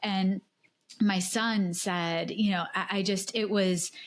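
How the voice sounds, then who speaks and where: A woman's voice: medium pitch, steady tone, slow. Affirming middle-aged woman podcast host. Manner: warm, affirming, storytelling. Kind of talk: conversational podcast interview.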